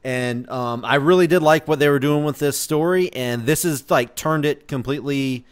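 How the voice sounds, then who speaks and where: A man co-hosting a wrestling podcast in casual chat, excitable, cursing freely and restarting his sentences. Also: on the high side, moderate pace, smooth. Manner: excitable, swearing, trailing restarts. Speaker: podcast co-host.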